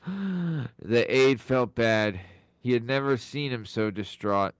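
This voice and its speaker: A man's voice: medium pitch, animated, slow pace, clean tone, no echo, clean studio sound. A man co-hosting a podcast, telling long jokes in casual chat and often laughing at his own lines. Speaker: podcast co-host.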